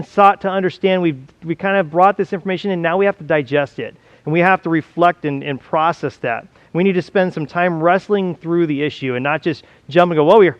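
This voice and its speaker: A male pastor preaches in a conversational, earnest way and often stumbles and restarts his phrases. His voice sits a bit high for a man. The sound is dry and slightly muffled. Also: dry recording. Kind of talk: sermon.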